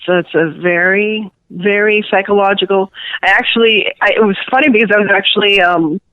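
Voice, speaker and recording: Over a tinny phone line with a dry sound, a middle-aged woman with a Cuban New Yorker accent talks a little fast at medium pitch, her intonation fairly even. As a guest author in a casual interview, she rambles and uses plenty of fillers.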